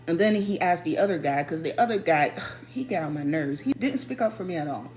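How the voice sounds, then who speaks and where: A woman telling a personal story in a casual, animated way, stressing and repeating her points. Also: fairly low pitch, a little fast, faint music behind. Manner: animated, emphatic, repeats key phrases.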